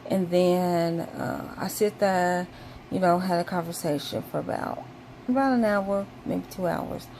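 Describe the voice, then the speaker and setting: A woman's voice: lowish voice, unhurried, darkish tone, slight background noise. A woman vlogger casually telling a personal story to camera, with lots of "um" and "like" and bursts of exaggerated indignation.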